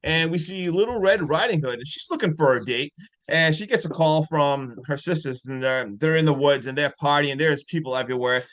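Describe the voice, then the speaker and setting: A man with a slightly high voice recaps a horror film on a casual podcast. He talks in an excitable, animated way and keeps saying "like" as he walks through each scene. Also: brisk. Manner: excitable, animated retelling with lots of "like". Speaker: podcast co-host. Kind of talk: casual movie review chat.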